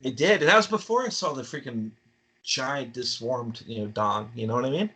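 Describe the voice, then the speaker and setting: A man talking casually as a podcast guest, laughing often and breaking into animated impressions. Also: mid-range voice, a little fast, slightly rough. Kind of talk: casual chat.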